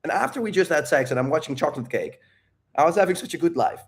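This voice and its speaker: A little high-voiced and fast, a dating coach chats casually on a livestream Q&A. He swears a lot, gets animated, and wanders into tangents while interrupting himself.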